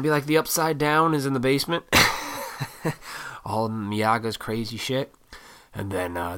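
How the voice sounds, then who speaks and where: Deep-voiced, profane, rambling man. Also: bright, forceful tone. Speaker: vlogger. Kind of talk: casual rant.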